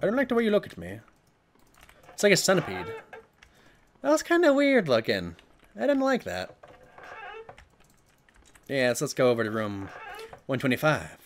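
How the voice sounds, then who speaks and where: Sarcastic, lively gamer guy. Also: medium pitch, moderate pace, long pauses, slight background noise. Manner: sarcastic, jokey, talks to the game. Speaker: let's play gamer. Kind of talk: horror game commentary.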